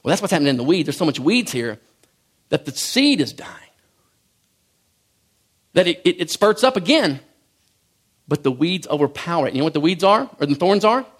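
A man delivers a sermon with a fairly high voice. His manner is folksy and self-mocking, and he often stumbles and restarts a phrase before pressing on. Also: very animated, normal speed, long pauses. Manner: folksy, self-joking preaching with repeated restarts. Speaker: pastor.

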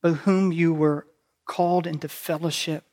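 A man preaching a sermon as pastor, conversational and full of asides, moving between hushed, near-whispered lines and loud, urgent passages. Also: a little high, steady tone, normal speed.

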